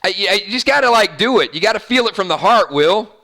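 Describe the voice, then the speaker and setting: A man hosting an online show, giving casual commentary on a TV episode with animated delivery and frequent stammered restarts. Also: sits high, quick pace, gravelly. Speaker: YouTube show host.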